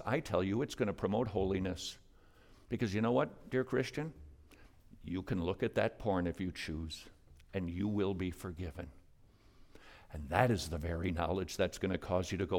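Man preaching, loud then hushed. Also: mid-range voice, animated, moderate pace. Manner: dynamic preaching, swings from loud emphatic to hushed. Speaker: pastor. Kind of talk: sermon.

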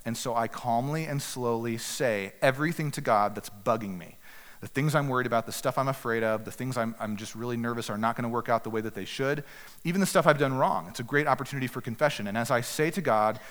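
Man, pastor delivering an earnest, exhorting sermon; average pitch, reverberant hall sound. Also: fairly bright tone. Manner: earnest, direct exhortation with slow emphatic pauses. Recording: echoey hall with long reverb.

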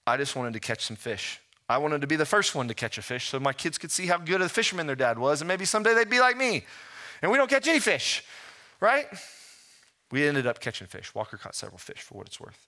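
A man in his thirties delivers a sermon in a bright, forward voice. He preaches with rhetorical questions and tells stories in a lively way. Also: medium pitch. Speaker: pastor.

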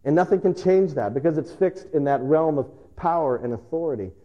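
A male pastor preaching a sermon, telling stories with emphatic pauses. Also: on the high side, expressive, muffled recording. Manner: storytelling, emphatic with dramatic pauses.

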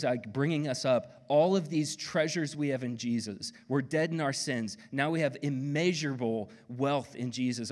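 A man with an Oklahoma accent preaching a sermon as pastor, conversational and animated, with playful asides. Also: mid-range voice. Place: church auditorium. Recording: long hall reverb.

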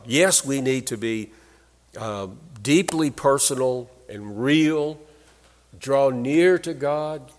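Man, sermon, earnest and emphatic, unhurried, reverberant church hall. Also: mid-range voice. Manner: earnest, emphatic preaching with slow stressed phrases. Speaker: preacher.

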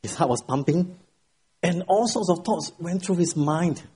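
A middle-aged male pastor preaching a Sunday sermon in a church, telling stories and praying, with emphatic rises and quiet drops. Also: on the high side, a little slow, breathy edge. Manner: expressive storytelling, rising for emphasis, then dropping quiet. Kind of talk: sermon with an opening joke and prayer. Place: church sanctuary at the pulpit.

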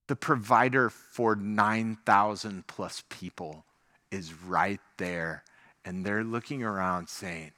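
A man preaching a sermon in a conversational, animated way, full of rhetorical questions. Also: fairly low pitch, slow pace.

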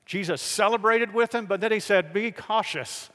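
A man preaching a sermon, telling the stories in a lively way and acting out the people in them. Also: sits high, fairly quick, long reverb tail. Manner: animated storytelling, acts out the figures in the stories.

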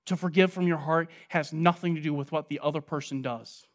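A man preaching an expository sermon, asking rhetorical questions and answering them, moving between loud stress and quiet, low asides. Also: steady tone, a little fast.

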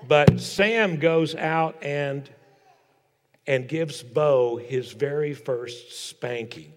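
An older man preaching a sermon in a large church. He tells family stories in a folksy way and drops to a hush for emphasis. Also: mid-range voice. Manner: folksy storytelling, dropping to a hushed tone for emphasis. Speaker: pastor. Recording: long reverb of a large hall.

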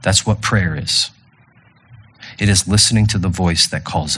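A man preaching to his congregation, his voice low and a little husky. He speaks earnestly and doubles back on his words with restarts as he leads communion and prayer in a church room. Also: measured pace, long pauses, fairly bright tone. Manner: earnest, repeating phrases with stumbling restarts. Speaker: pastor. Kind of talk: sermon leading communion and prayer.

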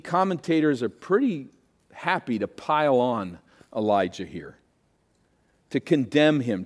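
A pastor preaching a sermon, moving from emphatic peaks down to quieter, hushed asides. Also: male voice, medium pitch.

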